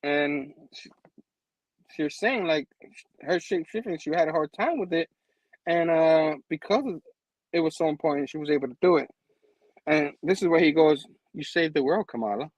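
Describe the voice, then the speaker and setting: A man's voice: a little high, moderate pace, long pauses, no room sound, highs cut off. A man hosting a comic book review show, casually recapping an issue in a rambling way, chuckling often and using lots of fillers.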